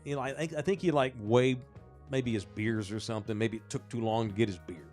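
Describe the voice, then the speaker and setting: Profane, animated male storyteller. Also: fairly low pitch, brisk, faint music behind. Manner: animated, profane, rising when excited. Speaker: podcast co-host. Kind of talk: casual storytelling.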